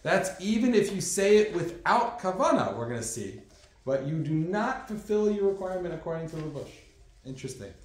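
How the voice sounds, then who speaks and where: A man's voice: high-pitched, very animated, fairly quick, darkish tone. A man giving a conversational class as a rabbi, with many fillers and asides. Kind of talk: classroom lecture. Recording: very echoey room.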